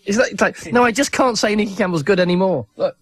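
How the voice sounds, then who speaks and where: A man's voice: high-pitched, fast, a bit bright. A British man hosting radio, joking and laughing with his studio crew in casual banter. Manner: giggly, playful, teasing. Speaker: radio presenter.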